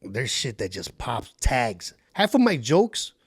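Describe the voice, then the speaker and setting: A man's voice: medium pitch, huge pitch swings, takes it slowly, slightly rough, no echo, studio quality. A man, a comedian guest on a podcast, telling stories in casual chat, swearing a lot and acting out the voices of people in his anecdotes. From Los Angeles area.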